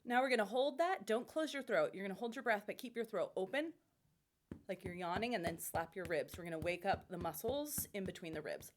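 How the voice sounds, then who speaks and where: A middle-aged woman vocal coach leading a warm-up lesson with upbeat, encouraging instructions. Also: mid-range voice, lively intonation, brisk, slight background noise.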